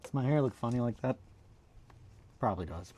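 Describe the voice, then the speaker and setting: A man's voice: medium pitch, a little fast. A man chatting casually on a livestream while doing a hobby, rambling and answering chat. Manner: rambling, animated, breaks into quoted cartoon lines. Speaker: streamer.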